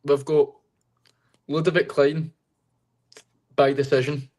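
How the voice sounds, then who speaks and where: A man's voice: on the high side, flat delivery, slow, a little mellow. A man with a Scottish accent, joking crudely and laughing as he gives his picks on a casual betting call-in show. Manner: crude, teasing, laughs often.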